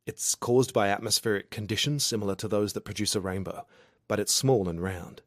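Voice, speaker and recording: A man narrating a romance audiobook in the first person, wry and expressive. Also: on the low side, brisk, no room sound, clean studio sound. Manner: wry, expressive, self-deprecating.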